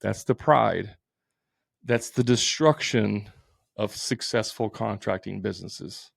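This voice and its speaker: A man's voice: on the low side, slow pace, gravelly, no echo, studio quality. A man hosting a solo podcast, talking bluntly and informally, repeating his points with plenty of fillers. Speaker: podcast host.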